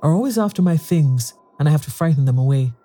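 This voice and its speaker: A quavering old ghost woman, as a male storyteller puts her on, lonely and cunning, her whistling voice wheedling and wistful. She sounds mellow and dark in tone. The storybook telling stays hushed and eerie. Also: a little high, expressive, fast talker, faint music behind. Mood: pleading.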